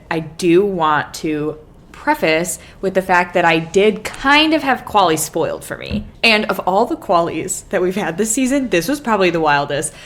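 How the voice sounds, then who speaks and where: A woman co-hosting a podcast in casual chat, telling stories animatedly and acting out quotes. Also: lowish voice. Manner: animated storytelling, acts out quotes. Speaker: podcast co-host.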